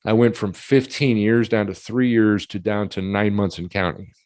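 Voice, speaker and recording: A man with a lowish voice hosts a casual talk and tells his own story openly and chattily, with the odd laugh. His voice is close and dry, with no room sound. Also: normal speed, darkish tone, dry recording. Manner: candid and chatty, laughs and clears throat while telling his story. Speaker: podcast host.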